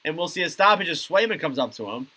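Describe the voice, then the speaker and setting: A young man doing amateur live hockey play-by-play. His voice sits high and sounds bright and forceful. He narrates each pass quickly and breaks into full-throated shouts when the big plays land. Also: expressive. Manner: rapid play-by-play that erupts into shouting on goals.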